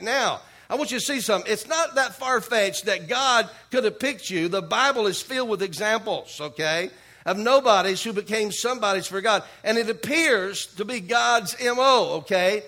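A man preaching a sermon, dropping a repeated "okay?" and calling for amens, reading scripture slowly and with emphasis. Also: high voice, expressive, pushed and bright. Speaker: pastor.

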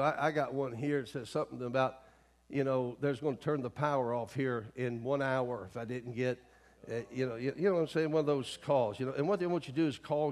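A man's voice: medium pitch, darkish tone. A middle-aged male pastor preaching a sermon in a folksy way, with many asides and calls to the congregation.

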